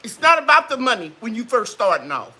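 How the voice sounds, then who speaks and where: A woman hosting a casual live chat, telling stories in a lively, preachy way and acting out quotes. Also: on the high side, fast, slightly rough.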